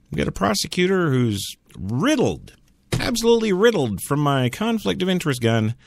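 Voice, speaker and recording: A man's voice: on the high side, gravelly, dry recording, clean studio sound. A man hosting a talk radio show, arguing bluntly and sarcastically with imagined listeners. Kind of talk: opinionated solo talk radio monologue.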